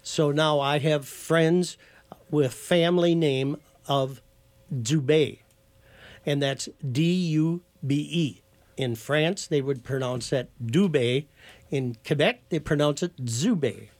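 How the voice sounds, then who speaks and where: A man's voice: a little high, slow. A man with a slightly raised speaking voice explains things patiently, in the manner of a lecturer. He now and then spells words out letter by letter as a guest on a talk show. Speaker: guest from a heritage foundation.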